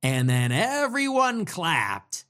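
High-pitched sarcastic male political ranter. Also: wildly swooping pitch, takes it slowly, bright, forceful tone. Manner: sarcastic, profane, mocking. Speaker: political commentator. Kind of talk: ranting political commentary.

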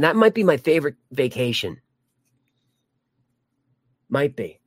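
A man with a medium-pitched voice hosts a live stream, chatting casually and joking as he reads viewer comments. He rambles, jokes, and restarts often. There is no echo.

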